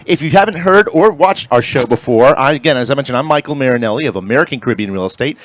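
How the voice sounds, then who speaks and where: A man's voice: mid-range voice, expressive, fast talker, dry recording. Chatty upbeat man hosting a live radio talk show. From Florida Keys. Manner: chatty, jokey, upbeat promoter. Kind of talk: casual live broadcast chat.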